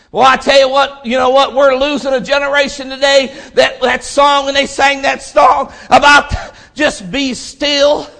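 Male pastor, high-pitched and piercing, impassioned revival preaching with repeated lines and shouted peaks. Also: gravelly. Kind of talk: fervent revival sermon. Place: church service.

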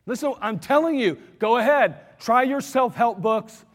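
A man preaching an emphatic sermon, slowing down and repeating lines for stress. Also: very high-pitched, in a large hall. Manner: emphatic, repetitive, slows for stress.

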